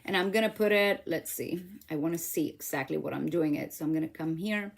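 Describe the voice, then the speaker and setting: A woman's voice: low-pitched, a little fast, vocal fry. A middle-aged woman hosting a casual crafting demo at home, chatty, laughing at herself and talking to viewers as she works. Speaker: craft channel host.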